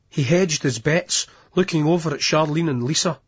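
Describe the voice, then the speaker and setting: Male audiobook narrator, husky, muffled lo-fi recording. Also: a little high, moderate pace. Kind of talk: scripted narration. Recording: dull lo-fi audiobook.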